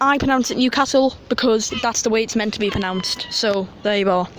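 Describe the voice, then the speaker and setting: A man, rambling and excitable as he films a casual walk-and-talk vlog at an outdoor metro station. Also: high voice, brisk. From North East England. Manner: chatty, rambling, excitable about train details. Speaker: transport vlogger. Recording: noisy outdoor station sound.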